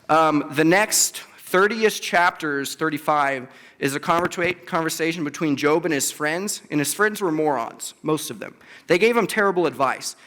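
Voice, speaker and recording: A man's voice: fairly high pitch, a bit bright. A young man giving a casual sermon to a campus group, talking conversationally and acting out biblical quotes with emphasis. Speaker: campus ministry speaker. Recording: long reverb of a large hall.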